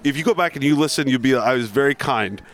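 A man's voice: medium pitch, quick pace, slight background noise. A man co-hosting a podcast from inside a car, telling stories in a rambling, jokey way. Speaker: podcast co-host. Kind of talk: casual banter.

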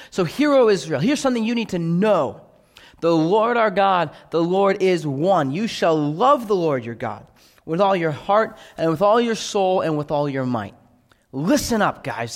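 Guy pastor preaching, pushy and earnest, keeps asking right?, big hall reverb. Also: fairly high pitch. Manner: emphatic, repeatedly asking "right?". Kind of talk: sermon.

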